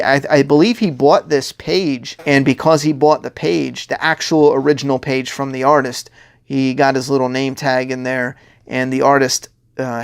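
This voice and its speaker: A comic writer offers rambling, casual commentary on his pages, laughing a lot and voicing the characters' lines himself. His medium-pitched voice is gravelly yet smooth.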